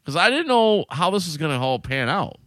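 Animated, profane man telling a story. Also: on the high side, a little fast, no echo. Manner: animated, profane, acts out quotes. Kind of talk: casual storytelling.

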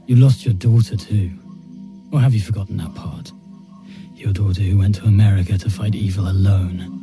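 A man playing a sharp, taunting young vampire hunter. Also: lowish voice, fairly even intonation, normal speed, over music, lightly acted. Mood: accusing. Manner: taunting, cutting. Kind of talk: animated series drama.

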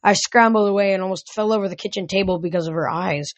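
A woman's voice: mid-range voice, fast talker, dry recording, dull audio. A tired woman reading a novel aloud casually, with slips and restarts. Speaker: reader.

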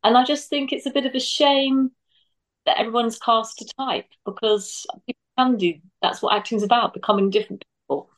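Frank actress on a chat panel. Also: female voice, on the high side, fairly even intonation, fairly quick, poor audio. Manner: frank, talks in restarts. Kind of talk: casual chat.

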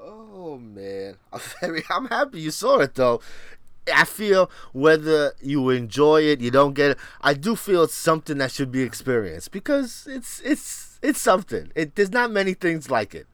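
A man's voice: fairly high pitch, sing-song, moderate pace, a bit bright, no room sound. A man co-hosting a casual pop culture podcast, laid-back and agreeable, talking with lots of "like" fillers. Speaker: podcast co-host.

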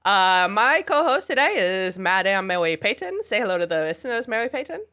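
A woman's voice: mid-range voice, very animated, brisk, pushed and bright. A sick, congested woman in her forties hosting a casual podcast in a put-on little-kid voice, with a Boston accent. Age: 40s. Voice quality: nasal, congested. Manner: talking in a put-on baby-talk voice. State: sick and stuffed up. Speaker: podcast host.

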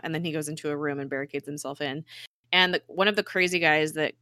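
A woman talks through a show's plot in a loose, chatty way, stopping often to laugh. Her voice is bright and a little low, recorded close and dry with no room sound. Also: fairly even intonation, a little fast, dry recording. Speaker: podcast co-host recapping an episode. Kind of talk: casual episode recap.

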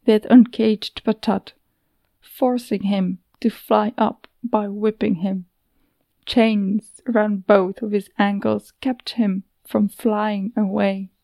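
A woman narrating a fantasy story in a steady, even reading voice. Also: mid-range voice, takes it slowly, vocal fry, dry recording. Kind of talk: scripted audiobook narration.

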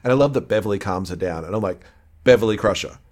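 A man's voice: sits low, expressive, racing, a little mellow. A man co-hosting a casual chat, retelling a TV episode's plot. He swears and laughs as he quotes the characters. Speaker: podcast co-host.

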